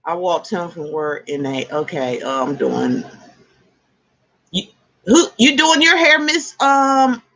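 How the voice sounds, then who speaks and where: Slow and low-voiced, a woman runs a casual tarot live stream, chatting with her audience and reading out their comments. She laughs readily and often exclaims with animation.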